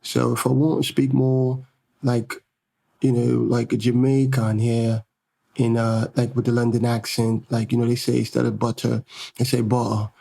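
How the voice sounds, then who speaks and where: A man's voice: mid-range voice, monotone, normal speed, creaky, dark tone. A middle-aged man, rambling chattily as he tells stories on his podcast and keeps interrupting himself. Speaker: podcast host. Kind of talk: casual podcast storytelling.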